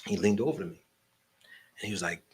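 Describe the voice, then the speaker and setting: A man telling animated stories about promoting shows, swearing freely and acting out the voices of the people in them. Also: on the low side, quick pace, husky. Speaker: guest storyteller, concert promoter and barber. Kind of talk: casual storytelling interview.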